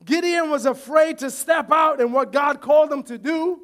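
A man preaching a sermon as pastor, animated, often shouting and laughing while acting out voices from the story. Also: very high voice, normal speed.

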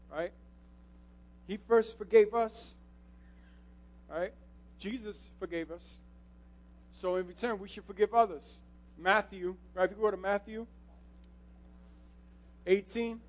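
High-voiced casual youth pastor. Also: male voice. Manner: casual, slangy, keeps asking "right?". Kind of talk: sermon.

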